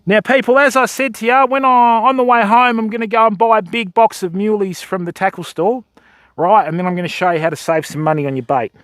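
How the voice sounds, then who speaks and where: A man's voice: high voice, steady tone, brisk, fairly bright tone, dry recording. A Western Australian man hosting a fishing livestream outdoors, bantering and joking with his chat. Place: outdoors by a river shore.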